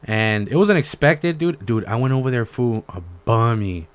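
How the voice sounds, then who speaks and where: A man's voice: mid-range voice, lively intonation, moderate pace, smooth. A man co-hosting a podcast, telling stories in a laid-back, slangy, profane casual chat. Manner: laid-back slangy storytelling, lots of swearing. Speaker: podcast co-host.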